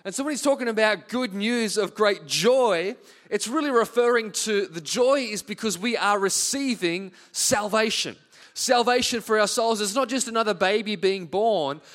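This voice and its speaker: A man in his forties preaches a sermon with a fairly high-pitched voice. He moves easily between scripture and casual personal stories, talking to the congregation in a conversational way. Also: moderate pace, a bit bright. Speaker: pastor.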